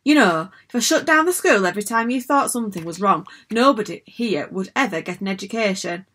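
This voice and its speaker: A woman's voice: medium pitch, expressive, a little fast, fairly bright tone. A woman voicing a strict, prim female school principal in a storybook reading, scolding in a proper tone.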